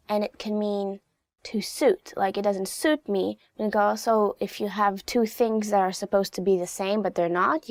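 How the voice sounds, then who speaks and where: A woman's voice: mid-range voice, dry recording. Chatty woman teaching phrases, dry sound. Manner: chatty, explains each phrase with personal asides. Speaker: language teacher. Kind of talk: casual phrase lesson.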